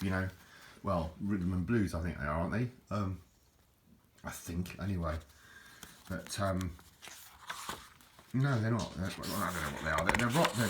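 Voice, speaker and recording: A man with a low, deep voice chats casually, wandering off track, restarting his sentences and laughing at himself. A faint hiss sits under the close recording. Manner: rambling, chatty, self-deprecating, many restarts and fillers. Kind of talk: casual rambling book show-and-tell.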